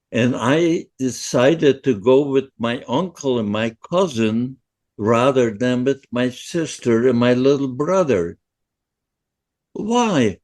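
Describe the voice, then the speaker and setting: A man in his nineties from Poland, a podcast guest giving a first-person survivor's testimony in a halting, emotional way with many restarts. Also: medium pitch, darkish tone. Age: 90s.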